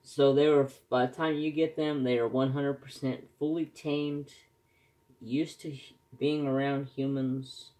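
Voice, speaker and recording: Slow-talking man, rambling casual chat. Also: mid-range voice, level tone, warm tone. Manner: rambling, folksy, self-correcting. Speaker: crafting vlogger.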